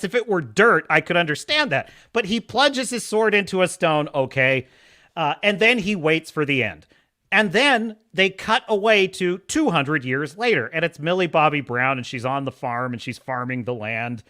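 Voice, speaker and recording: A man's voice: high voice, sing-song, measured pace, pushed and bright. A man hosting a live show, mockingly reviewing a film with frequent laughter and acted-out scenes. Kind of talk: sarcastic film review rant.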